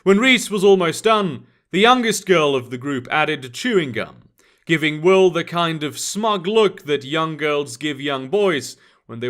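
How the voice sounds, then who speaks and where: A man narrating an urban fantasy story in an expressive scripted reading. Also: on the high side.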